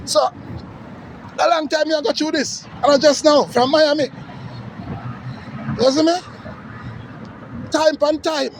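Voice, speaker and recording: A man's voice: very high voice, steady tone, slow, pauses often, noisy background. A Jamaican man with a heavy Patois accent, ranting angrily to his followers, cursing often and repeating his points. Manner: heated, cursing, repetitive, preaching to listeners. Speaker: social media commentator. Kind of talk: angry rant.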